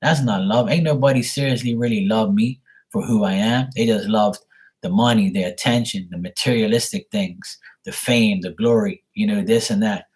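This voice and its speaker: A man's voice: lowish voice, normal speed. Man, middle-aged, tarot reader, profane, blunt, ranting, casual livestream.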